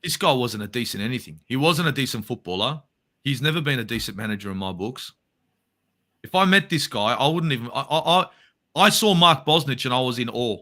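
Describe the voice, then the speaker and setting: A man's voice: medium pitch, expressive, a little fast, pushed and bright. An Australian man, a football fan guest in a casual interview, ranting heatedly and swearing a lot.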